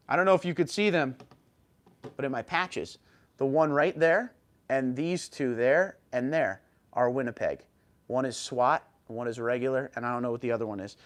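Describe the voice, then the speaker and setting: A man hosting a casual livestream, reading viewer comments aloud and answering them in an upbeat way. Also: a little high. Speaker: livestream host.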